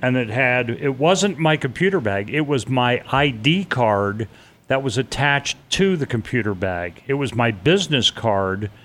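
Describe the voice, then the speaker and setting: A man's voice: mid-range voice, animated, measured pace, fairly bright tone. Middle-aged man telling a personal story. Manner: vivid, conversational, acts out the voices of people he quotes. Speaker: interview guest recounting a personal experience. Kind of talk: casual first-person storytelling.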